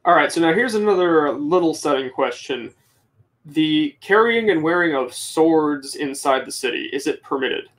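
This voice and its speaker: A man's voice: on the high side, animated, moderate pace, a bit bright, poor audio. A man playing a tabletop game, chatting eagerly and often repeating words as he thinks. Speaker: player. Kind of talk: casual chat at a tabletop game.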